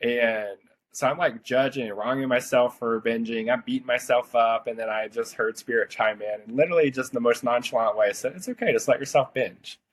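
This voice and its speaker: A man's voice: medium pitch, fairly even intonation, brisk. A man around thirty, a podcast host, telling a personal story in casual, rambling talk full of "like". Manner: chatty, rambling, heavy use of "like".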